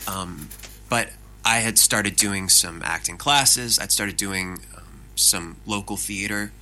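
A man, a voice actor chatting casually as an interview guest, animated and self-deprecating. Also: on the low side, takes it slowly, rough recording.

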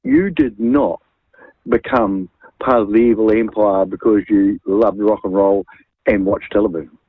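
An older man calling a radio show over the phone, opinionated and animated, stumbling and repeating words. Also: on the low side, normal speed, dry recording. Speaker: radio caller. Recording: phone line.

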